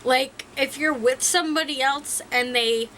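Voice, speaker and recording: A woman's voice: high voice, measured pace, sharp tone, slight background noise, poor audio. A young woman talking frankly to the camera in a rambling, self-mocking way. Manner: rambling, frank, laughs at herself. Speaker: vlogger. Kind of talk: casual talk to camera.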